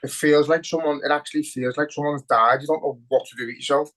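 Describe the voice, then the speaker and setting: A man's voice: on the high side, steady tone, fast, a bit bright, low-quality recording. A man with a Liverpool accent co-hosting a podcast, talking bluntly and emotionally with lots of swearing. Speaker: podcast co-host. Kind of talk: casual podcast chat.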